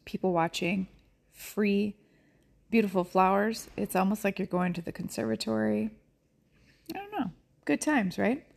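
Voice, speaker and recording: A woman's voice: medium pitch, lively intonation, a little slow, creaky, pauses often, darkish tone. A middle-aged woman hosting a podcast from home, chatting casually and rambling, often laughing and slipping into whispers. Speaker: podcast host. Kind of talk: casual chat.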